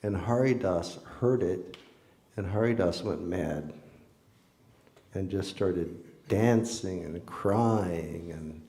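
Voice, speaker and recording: A man preaches informally, mixing story and scripture in a conversational, earnest way. His voice sits low with a warm, mellow color. The sound carries the echo of a large temple hall. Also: slow pace. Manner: conversational, earnest, with ordinary fillers. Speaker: devotional speaker. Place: temple hall during a festival. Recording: echoey hall.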